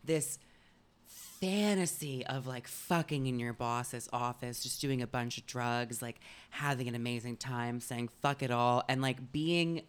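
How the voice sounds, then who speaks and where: A young podcast co-host in casual chat. The voice is smooth and resonant at a middle pitch. The delivery is blunt and emphatic, quick to agree and joke.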